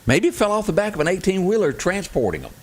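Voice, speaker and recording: Folksy man hosting with a lively voice. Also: high voice, fast talker, slight background noise. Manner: folksy and chuckling, lively delivery. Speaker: talk show host. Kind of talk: casual studio chat.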